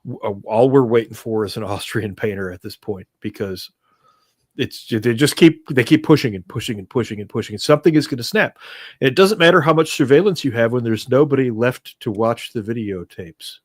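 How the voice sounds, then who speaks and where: A man co-hosting a casual livestream, chatty and quick to laugh. He wanders into long asides in a mid-range voice. The sound is dry and close to the mic. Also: mid-range voice, no echo. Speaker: livestream co-host.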